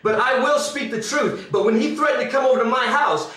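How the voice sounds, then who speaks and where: A man's voice: very high-pitched, brisk, a bit bright. A man in a heated, profane on-camera confrontation, defiant and repeating himself. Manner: angry, defiant, repetitive, profane. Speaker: actor. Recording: echoey, from far off the mic.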